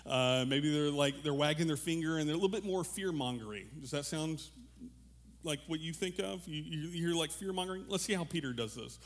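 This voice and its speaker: Male pastor, high-ish voice, loose conversational sermon, lots of fillers and restarts. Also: a little fast. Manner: casual, animated, joking, many fillers and restarts. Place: church room with a congregation.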